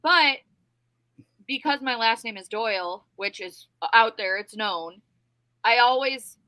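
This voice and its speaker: A woman's voice: fairly high pitch, unhurried, sharp tone, dry recording, poor audio. A woman hosting a casual livestream, reading viewer comments aloud and thanking viewers. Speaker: livestream host.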